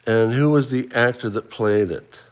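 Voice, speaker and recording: A man's voice: mid-range voice, normal speed, clean tone. A middle-aged man hosting a casual livestream, chatting and running a trivia quiz for viewers he addresses by name. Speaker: livestream host.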